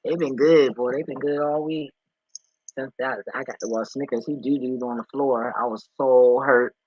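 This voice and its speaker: A man's voice: mid-range voice, fairly even intonation, moderate pace, no echo, highs cut off. A man, vlogging casually from home, emotional and swearing, talking to his dogs. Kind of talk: casual reaction vlog. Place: indoors at home.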